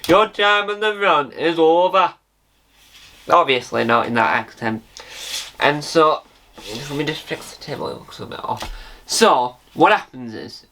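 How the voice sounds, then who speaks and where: A man's voice: medium pitch, sharp tone. A man hosting a casual vlog about a reality show, rambling and jokey and often correcting himself mid-sentence. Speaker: reality TV video host.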